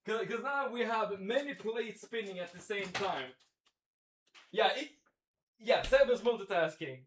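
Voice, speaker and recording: A man's voice: high-pitched, lively intonation, measured pace, a bit bright, a little hiss or hum. A man cooking live in his kitchen, thinking aloud and chatting with his viewers. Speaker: cooking livestreamer. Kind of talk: casual live commentary while cooking. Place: home kitchen.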